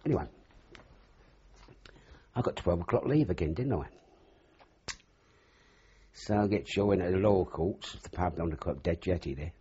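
A man's voice: sits low, expressive, moderate pace, pauses often, mellow, slightly rough. An older man being interviewed, rambling through anecdotal memories and acting out the dialogue as he goes. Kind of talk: oral history reminiscence. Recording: dull lo-fi recording.

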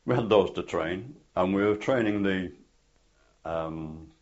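Older man with a low voice. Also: slow, a little mellow. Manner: rambling anecdotal storytelling with many fillers. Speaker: interviewee, former parachute instructor. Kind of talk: oral history interview. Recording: dull lo-fi tape recording.

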